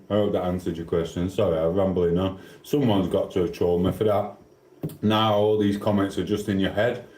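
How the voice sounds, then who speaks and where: A man's voice: on the low side, a little mellow. A middle-aged man from England with a Sheffield accent, chatting cheekily and rambling as he answers his livestream chat. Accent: Sheffield English. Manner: chatty, cheeky, swears casually. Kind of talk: rambling casual live chat. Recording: echoey room.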